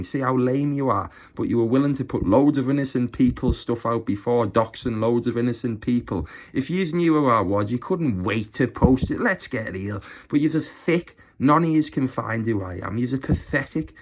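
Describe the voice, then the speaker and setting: A man's voice: mid-range voice, normal speed, few pauses, highs cut off. A man on a YouTube channel delivering a mocking, boastful rant straight to his rivals. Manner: taunting, boastful, scornful.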